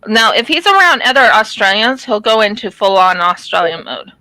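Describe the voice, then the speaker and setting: Bright chatty woman craft host. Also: medium pitch, very animated, normal speed, no echo, poor audio. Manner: rambling, chatty, many ums and restarts. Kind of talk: casual chat while diamond painting.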